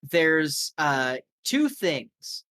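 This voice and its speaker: A man's voice: a little high, sing-song, very slow, fairly bright tone, no room sound. Male game master, rambling, filler-heavy, casual, dry close sound. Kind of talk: narrating a tabletop game.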